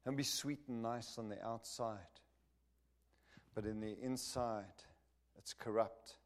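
A man's voice: mid-range voice, slow. A man preaching a sermon in an emphatic, punchy way, repeating phrases to drive his points home and asking the listeners whether they understand. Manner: asks the listeners for agreement.

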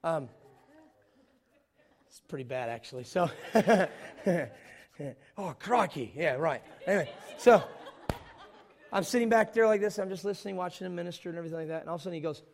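A man preaching a sermon in a church, telling stories with jokes in an animated way. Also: high-pitched, fast talker, vocal fry, pauses often.

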